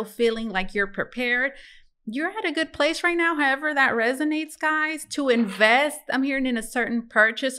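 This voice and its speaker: A woman's voice: fairly high pitch, sharp tone. A woman reading tarot cards for her viewers in a casual, musing way, talking to them as guys. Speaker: tarot reader.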